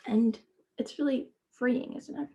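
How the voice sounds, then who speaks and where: A woman teacher reading a children's picture book aloud, stopping to gently ask her young listeners questions. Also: sits high, fairly even intonation, unhurried, husky, lo-fi sound. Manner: speaks to children as "friends".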